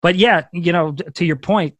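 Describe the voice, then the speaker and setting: A man's voice: high-pitched, normal speed, no echo. A man in his thirties, a stand-up comedian guest on a podcast, telling stories with swearing and acted-out quotes. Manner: animated storytelling with profanity and acted-out quotes. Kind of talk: casual podcast conversation.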